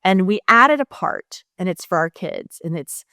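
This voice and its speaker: A woman's voice: fairly low pitch, normal speed, few pauses, smooth, no room sound, clean studio sound. A middle-aged woman telling a personal story candidly and with feeling as a podcast guest, speaking straight to the listeners. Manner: emotional, animated, talks to listeners directly.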